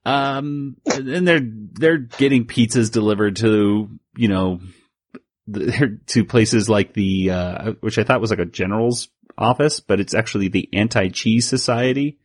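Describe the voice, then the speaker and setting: A man's voice: fairly low pitch, unhurried, husky, dry recording, studio quality. A man co-hosting a podcast, recapping a comic in a rambling, self-interrupting way with frequent laughs. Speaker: podcast co-host. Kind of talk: casual chat.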